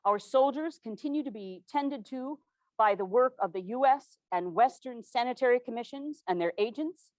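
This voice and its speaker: A woman playing an earnest 1860s governor's widow, recounting events in a formal, measured period manner. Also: on the high side, animated, no echo, natural voice. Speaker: living historian. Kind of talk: first-person historical portrayal.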